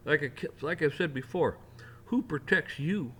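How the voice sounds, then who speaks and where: A man's voice: on the high side, moderate pace, husky. Heated man ranting his opinions. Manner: heated, mocking, rising to near shouting at peaks; mimics officials in sarcastic voices. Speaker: rant channel host. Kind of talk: opinion rant to camera.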